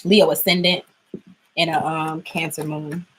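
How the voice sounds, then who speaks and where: A woman's voice: low voice, level tone, measured pace, a bit bright, slight background noise, poor audio. A young adult woman chatting casually through a tarot reading, laughing often. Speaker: tarot reader.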